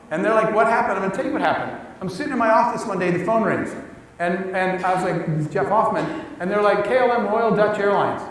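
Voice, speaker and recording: A man's voice: sits high, slight background noise. A man giving a storytelling speech to an audience, acting out the voices of the people in his story. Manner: animated, acts out quoted voices. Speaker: keynote speaker. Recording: echoey hall, mic at a distance.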